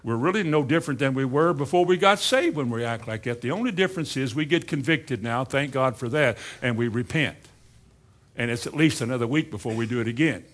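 A man preaching a sermon, asking the congregation rhetorical questions, with dry, sarcastic humor and swings between quiet asides and rising emphasis. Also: medium pitch, expressive, a little fast.

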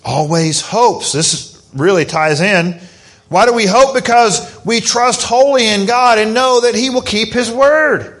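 High-voiced, unhurried preacher man. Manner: emphatic, animated preaching. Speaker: pastor. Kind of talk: sermon.

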